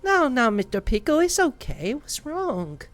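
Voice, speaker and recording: A man voicing Mister Pickle, a gentle, fretful little dream creature in a tabletop game, with a fussy, soft-spoken and mournful manner. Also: extremely high pitch, wildly swooping pitch, a little slow, pitched above the performer's own voice, exaggerated voice.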